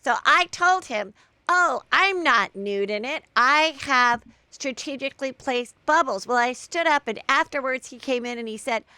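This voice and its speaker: A woman doing an impression of a bubbly, high-voiced middle-aged actress, sing-song and girlish. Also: lively intonation, measured pace, bright, forceful tone, smooth, dry recording, heavily acted. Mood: gushing. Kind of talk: celebrity impression in casual podcast talk.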